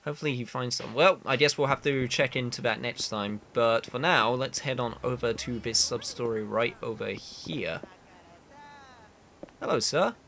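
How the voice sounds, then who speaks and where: A man's voice: medium pitch, moderate pace, hardly any pauses, a little hiss or hum. A man hosting a let's play, talking casually and offhandedly over the game. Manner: relaxed, offhand, apologetic laughter. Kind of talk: casual gameplay commentary.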